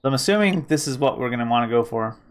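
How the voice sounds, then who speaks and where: A man's voice: mid-range voice, lively intonation, fast talker, smooth. A man streaming a game, reading its lines aloud and adding wry, joking asides. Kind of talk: casual game reading with commentary.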